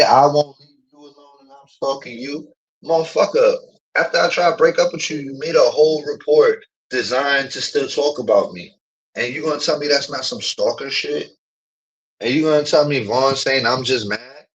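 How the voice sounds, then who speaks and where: A man's voice: mid-range voice, low-quality recording. Profane, ranting man streamer. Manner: profane, emphatic, repetitive fillers. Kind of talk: heated casual rant.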